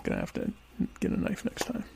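A man chatting casually to viewers while eating dinner, rambling and joking with deadpan irony about being a quiet type. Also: a little fast, a little hiss or hum. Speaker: vlogger answering viewer questions. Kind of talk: casual comedic chat.

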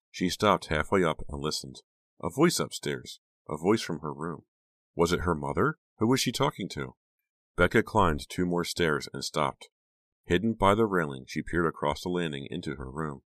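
A man narrating an audiobook in a measured, suspenseful way. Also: a bass voice, fairly bright tone, dry recording. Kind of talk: scripted narration.

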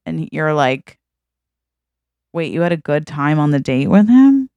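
Slow-talking laughing woman podcast host. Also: sits low, very animated, mellow, clear, resonant tone, no echo. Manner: laughing storyteller, acting out quotes. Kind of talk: casual chat.

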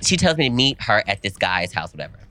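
A man co-hosting a podcast tells a long story, acting out everyone in it. His voice is bright and swings widely in pitch. Faint music sits low in the background. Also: fast talker. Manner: animated, acts out quotes with big pitch jumps. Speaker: podcast co-host. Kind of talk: casual storytelling chat.

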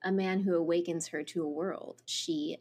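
A woman co-hosting a podcast who reads a book description aloud with expressive delivery. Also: lowish voice, moderate pace, breathy edge. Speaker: podcast co-host. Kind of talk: casual chat and reading a book blurb aloud.

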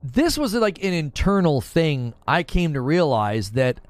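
A man's voice: fairly high pitch, sing-song, unhurried, dry recording, soft background music. A young adult man hosting a gaming news show, talking casually and animatedly on a livestream and answering chat.

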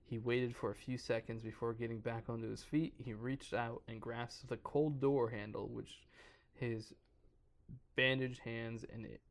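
A man's voice: mid-range voice, little pitch movement, measured pace, creaky. A man on a podcast casually reading a creepypasta aloud, stumbling over words and breaking off to joke. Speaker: podcast co-host reading a horror story.

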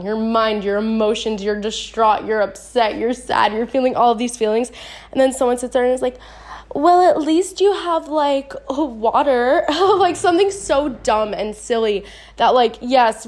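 A young woman hosting her own podcast in casual, chatty talk, with a stuffy, nasal voice from a cold, laughing often and saying "like" a lot. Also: on the high side. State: congested, nasal voice. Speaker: podcast host.

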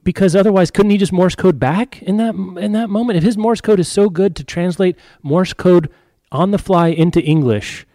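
Man, dry close-miked sound, mid pitch, wry riffing co-host. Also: mellow, no room sound. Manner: wry, joking, quick asides and mock outbursts. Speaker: podcast co-host. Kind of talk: casual film discussion.

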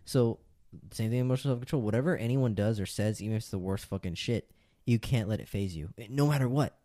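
Mellow, blunt man lecturing listeners. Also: lowish voice, quick pace, dry recording, studio quality. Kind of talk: casual advice talk.

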